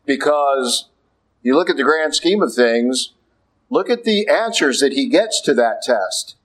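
A man's voice: medium pitch, expressive, measured pace, fairly bright tone, poor audio. A middle-aged man giving a sermon as a priest, emphatic and conversational, answering his own rhetorical questions. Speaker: Catholic priest.

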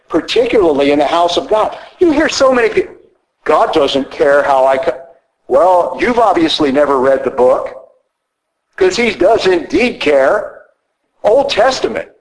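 Man, priest, sermon, slightly high pitch, emphatic, conversational, church. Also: low-quality recording. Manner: emphatic, conversational preaching with rising bursts.

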